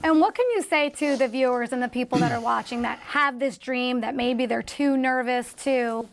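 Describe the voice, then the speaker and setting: Woman, talk show host, casual interview, encouraging, slightly high pitch. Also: steady tone, normal speed, creaky. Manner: encouraging with short affirmations.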